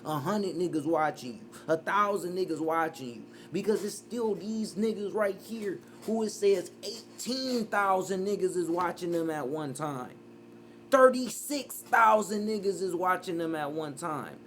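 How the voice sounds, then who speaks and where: A man's voice: high voice, expressive, a little slow, a little hiss or hum. A man giving casual reaction commentary as a streamer, emphatic and profane, repeating his points.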